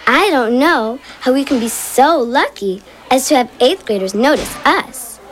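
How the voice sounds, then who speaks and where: A woman's voice: sits high, lively intonation, a little slow, noisy background. A kind, teasing schoolgirl. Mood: friendly. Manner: warm, teasing. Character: friendly, supportive schoolgirl.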